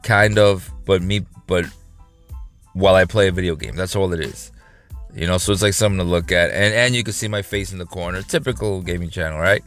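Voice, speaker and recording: A man's voice: deep voice, brisk, fairly bright tone, soft background music. A man recording a casual vlog from his parked car, telling a story in a loose, rambling way with frequent swearing and laughter. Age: adult. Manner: rambling, profane, laughing rant. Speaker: vlogger host. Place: parked car in a work parking lot.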